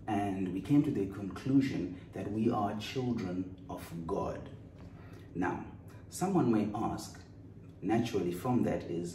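A man's voice: lowish voice, expressive, unhurried, warm tone. A man preaching a sermon with an earnest, storytelling delivery, recorded in a church. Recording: roomy echo, distant mic, faint noise.

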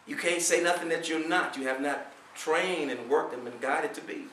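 A man delivering a Friday sermon as preacher. He speaks with passion, asks many rhetorical questions, and swells to near-shouts. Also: fairly high pitch, normal speed, slight background noise. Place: prayer hall. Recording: echoey room, voice from far off.

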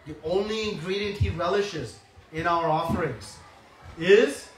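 Heard from a distance in an echoey room, a man delivers a devotional lecture through storytelling, animated and laughing often as he acts out voices. His voice is high-pitched and a little slow, with a slight hiss or hum in the recording.

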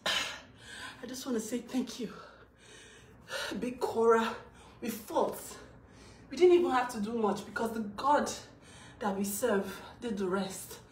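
A woman recording an emotional celebratory vlog at home, chanting, laughing and talking fast between cries of joy. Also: on the high side, slight background noise. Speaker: vlogger. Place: her home, indoors. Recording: roomy, distant from the mic.

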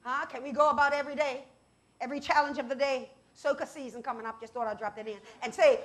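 A woman preacher with a high voice delivers an animated sermon. She bursts into loud scripture quotes and turns aside to talk to her congregation. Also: fast talker.

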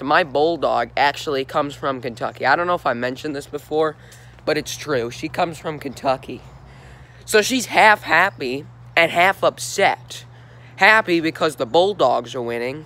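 A man's voice: on the high side, pushed and bright. Exasperated man ranting about sports. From Georgia, USA. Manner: exasperated, ranting, repeats himself in disbelief. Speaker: sports talk host. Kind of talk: solo sports rant vlog.

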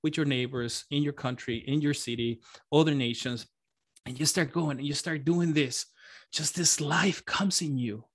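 A man preaching a sermon as pastor, earnest and emotional, often repeating his phrases. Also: mid-range voice.

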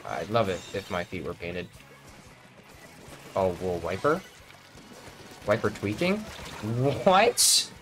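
A man streaming a video game, chatting to viewers by name and yelping high when a play goes wrong, goofy and quick to joke. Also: over music. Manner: excitable, jumps to high yelps at misses. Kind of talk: live gameplay commentary with viewers. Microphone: desk microphone, no camera.

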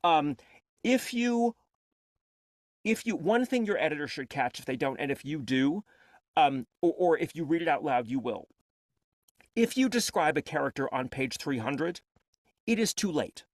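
A man speaks in a quick, rambling flow on a panel about audiobook work, often stopping to restart his sentences. His pitch sits a little high and swings widely. The sound is dry and close. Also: lively intonation, no echo. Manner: rapid, rambling, self-interrupting. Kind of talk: casual panel talk.

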